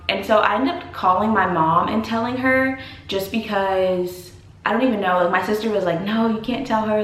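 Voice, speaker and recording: Young woman vlogging, rambly storytime chat, lots of "like", echoey room. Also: medium pitch. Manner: chatty, heavy use of "like", animated quoting of others. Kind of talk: casual storytime vlog. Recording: roomy echo.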